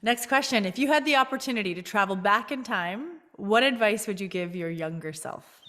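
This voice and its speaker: A woman co-hosting a real estate interview, upbeat and quick to laugh as she reads out a question segment. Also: medium pitch, expressive, bright, forceful tone. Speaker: co-host. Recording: long reverb.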